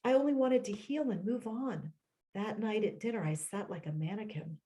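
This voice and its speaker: A woman reads passages from her own memoir in a slow, reflective way, stopping now and then for short asides. Her voice is mellow and warm rather than bright, with pitch in the middle range. It sounds like a home computer mic on a video call. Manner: measured, reflective reading with personal asides. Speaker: author.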